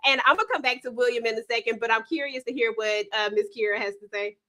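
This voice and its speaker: A woman hosting a casual live panel, playful and emphatic as she steers the talk. Her voice sits high with a bright, forward tone. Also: quick pace. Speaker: host. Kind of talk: casual chat.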